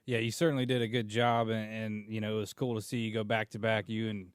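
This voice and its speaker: A man's voice: on the low side, flat delivery, fast, smooth, no echo, studio quality. A man co-hosting a morning radio show who asks rambling, joking questions full of fillers. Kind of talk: casual radio interview.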